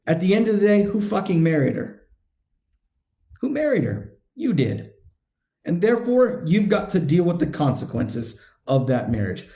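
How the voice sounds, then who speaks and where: Male podcast host, confrontational and profane motivational talk, high-pitched, roomy echo. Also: mellow. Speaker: men's coach and podcast host.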